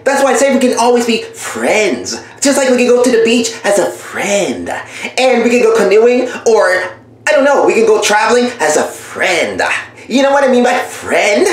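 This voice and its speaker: A smug, taunting young boyfriend, played by a woman who brushes off his girlfriend with a dismissive catchphrase. The voice is fairly high and the room is very echoey. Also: natural voice. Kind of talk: comedy voiceover skit.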